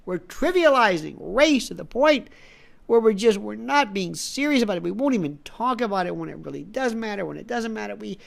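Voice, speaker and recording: A man's voice: high-pitched, brisk, vocal fry. A male talk show host delivering a rambling, sarcastic monologue full of digressions. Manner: animated, sarcastic, digressive storyteller.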